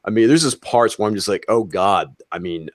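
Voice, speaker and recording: A man on a podcast roundtable, telling an excited story with lots of fillers and restarts. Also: on the low side, fast, dry recording. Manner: excited, animated storytelling with frequent fillers and swearing. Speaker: roundtable guest. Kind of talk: casual podcast chat.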